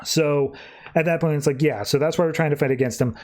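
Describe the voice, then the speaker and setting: A man hosting a podcast, casually recapping comic book plots as a rambling, animated storyteller. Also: fairly high pitch, quick pace. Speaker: podcast host.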